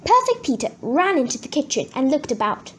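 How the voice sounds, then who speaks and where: A woman reading a children's storybook aloud with expressive, animated narration. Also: high voice, a little fast, slight background noise. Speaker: storybook reader.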